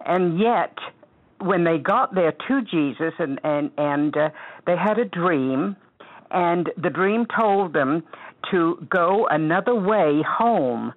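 Woman, caller from Alaska, slow, hesitant, tinny phone line. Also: lowish voice, expressive, dry recording. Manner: hesitant, halting. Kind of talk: phone-in question.

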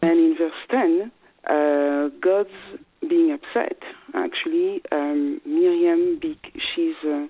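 A woman with a French accent calls in over a thin, tinny phone line. Her voice is husky, and she speaks haltingly, often stopping to restart a thought. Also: sits low, steady tone. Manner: hesitant, many fillers and restarts. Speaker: caller. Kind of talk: call-in question.

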